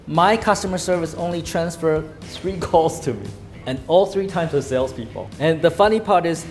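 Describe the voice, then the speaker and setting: Forceful man teaching a sales class. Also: sits high. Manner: emphatic, acts out phone calls in a commanding tone. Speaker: sales trainer. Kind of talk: lecture to a live class.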